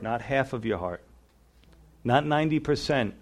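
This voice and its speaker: A male pastor preaching a sermon, reading scripture aloud and swinging between fervent emphasis and quiet, low stress. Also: expressive, moderate pace, long pauses.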